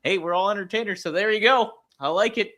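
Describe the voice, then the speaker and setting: A man's voice: high voice, fast talker, pushed and bright, a little hiss or hum. A man co-hosting a casual wrestling podcast, upbeat and encouraging, laughing often and wrapping up the show. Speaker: podcast co-host.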